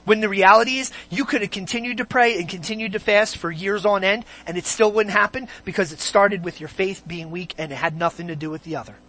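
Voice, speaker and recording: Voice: medium pitch, brisk, few pauses, fairly bright tone. Emphatic preacher teaching from scripture. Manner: emphatic, stretches key words, many rhetorical questions. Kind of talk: sermon, verse-by-verse Bible teaching.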